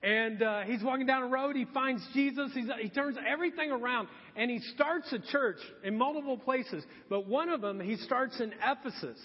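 A man preaching a sermon as pastor, telling the story with lively acted-out quotes. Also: very high voice, moderate pace, few pauses, slightly rough. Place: church hall. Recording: dull, long hall reverb.

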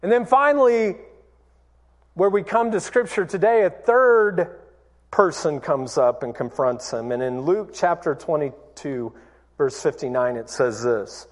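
A man preaching in a church, retelling scripture with lively acted-out voices. His voice sits high for a man, and he takes his time, leaning on words slowly for effect. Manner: animated storytelling, acts out quoted voices. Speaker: pastor. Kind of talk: sermon.

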